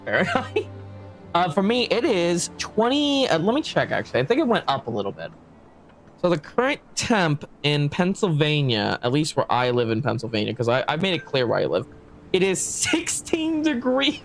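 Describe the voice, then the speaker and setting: A man's voice: fairly high pitch, big pitch swings, moderate pace, over music. A man streaming a game, talking casually and animatedly, swearing a lot and laughing often. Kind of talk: casual gameplay commentary.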